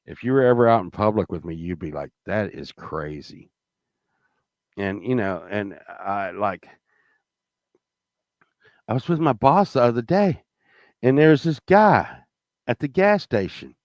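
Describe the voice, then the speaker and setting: In a studio-quality recording with no echo, a middle-aged guest tells a profane, wandering story in a lowish voice with lively intonation, a measured pace and long pauses. Frequent fillers and restarts mark his speech, and he gets louder and angrier as the story builds.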